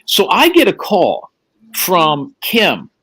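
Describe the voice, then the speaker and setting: A man's voice: sits high, slow pace, breathy edge. A man hosting a show, telling a profane story casually and acting out the quotes. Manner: profane, animated, acts out quotes. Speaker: host.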